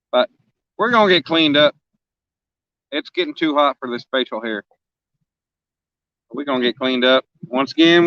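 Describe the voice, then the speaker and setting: A man's voice: on the high side, clean tone, no echo, lo-fi sound. A man in his forties, a fishing vlogger chatting casually on a live stream outdoors, joking and teasing his viewers as he rambles. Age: 40s. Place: outdoors on a riverbank.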